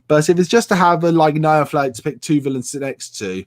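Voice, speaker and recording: A man's voice: a little high, quick pace. A man from the United Kingdom chatting casually on a live stream and answering viewers' comments with plenty of fillers.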